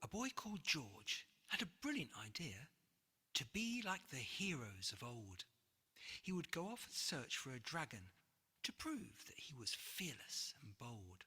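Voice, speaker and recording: A woman reading a rhyming picture book aloud in an expressive, breathy voice with dramatic pauses. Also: very deep voice. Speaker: narrator. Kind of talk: rhyming storybook read-aloud. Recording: long hall reverb.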